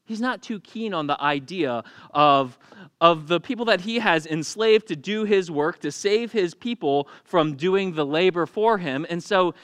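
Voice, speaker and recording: A man's voice: sits high, unhurried, fairly bright tone, clear, resonant tone, no echo. A man preaching a sermon in a casual, humorous storytelling manner, acting out the people he quotes. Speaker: pastor.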